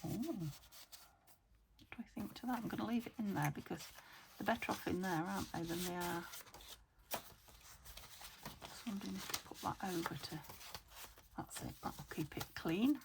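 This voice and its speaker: A woman's voice: on the low side, moderate pace, vocal fry, pauses often, background noise. A woman casually chatting to herself as she works on a junk journal, thinking aloud and often slipping into a whisper. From United Kingdom. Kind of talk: casual crafting chat.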